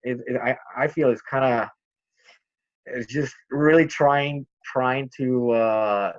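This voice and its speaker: A man speaking as a guest in a casual discussion, halting and searching for his words. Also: medium pitch, highs cut off.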